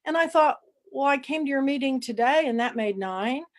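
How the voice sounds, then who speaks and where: A woman in her sixties, an interview guest, telling lively anecdotes and acting out what people said. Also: high-pitched, moderate pace, slight background noise. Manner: lively anecdotal storyteller, acts out quoted dialogue. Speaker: author and book club founder, interview guest. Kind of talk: casual storytelling interview.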